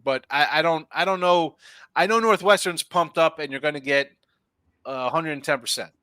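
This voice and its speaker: Bright, rambling man in a dry room. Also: a little high, moderate pace, smooth, no echo. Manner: rambling, jokey, thinks aloud. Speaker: sports betting analyst. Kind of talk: casual sports podcast chat.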